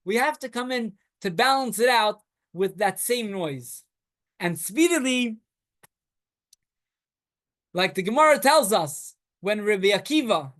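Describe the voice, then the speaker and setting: A man, a rabbi, giving a weekly Torah class to students in a classroom. He tells stories with energy and trades quick remarks with his listeners. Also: extremely high pitch. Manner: animated storytelling, talks with students.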